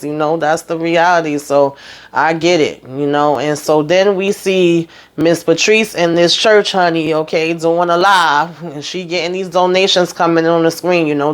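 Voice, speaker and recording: A woman recapping a TV episode in a casual, animated way from a hot room at home. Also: fairly low pitch, clean tone. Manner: chatty, animated, talks to viewers with "honey" and "okay". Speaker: TV recap host.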